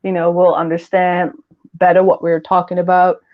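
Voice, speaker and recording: A woman's voice: on the low side, monotone, moderate pace, narrow, tinny audio. A woman hosting a casual livestream chat, rambling and giggling often as she talks. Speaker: host.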